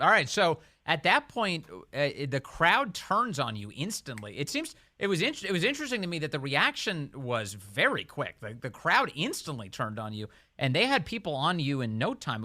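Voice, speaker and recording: A male radio talk show host interviewing a guest, conversational and quick to react and prompt. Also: a little high, huge pitch swings, sharp tone, no room sound.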